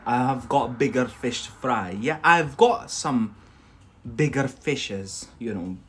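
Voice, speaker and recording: A man's voice: mid-range voice, a bit bright, breathy edge. A man from Scotland, teaching English idioms on a live stream in a chatty way, often checking in with "yeah?".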